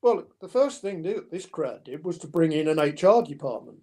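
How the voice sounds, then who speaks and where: An older man telling stories in an interview, lively and anecdotal, acting out the dialogue. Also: a little high, moderate pace, slightly rough. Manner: anecdotal, animated, with mimicked dialogue. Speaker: podcast guest. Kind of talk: storytelling interview.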